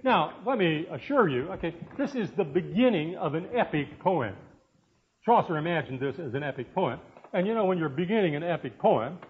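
Man in his 60s, professor giving a chatty classroom lecture, slightly high voice, dull lo-fi recording. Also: lively intonation, moderate pace. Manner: conversational, frequent "uh" fillers, asides to students. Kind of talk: university lecture.

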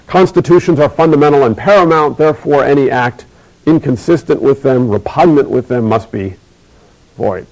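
A middle-aged man giving a recorded university lecture, measured and emphatic, slowing to repeat key phrases. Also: medium pitch, darkish tone, poor audio.

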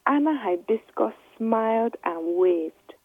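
Woman reading a kids story, gravelly husky voice, dry tinny phone sound. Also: a little high, animated, slow pace, no echo. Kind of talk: reading a children's story aloud.

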